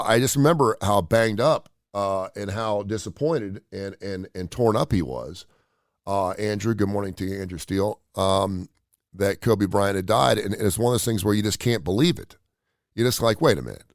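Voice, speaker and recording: A man's voice: deep voice, dry recording. A middle-aged man hosting a morning radio talk show from his home studio, rambling with lots of fillers and restarts.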